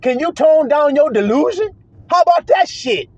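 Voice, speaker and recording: A man's voice: extremely high pitch, sing-song, moderate pace, no room sound. A man preaching a confrontational, profane monologue, hammering his listeners with rhetorical questions. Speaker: self-styled preacher. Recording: dull lo-fi sound.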